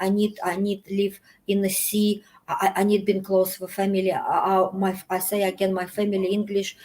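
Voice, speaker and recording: A woman from Russia with a Russian accent, a guest chatting casually in halting, broken English full of restarts. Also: medium pitch, darkish tone, rough recording. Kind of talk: casual chat. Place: hotel.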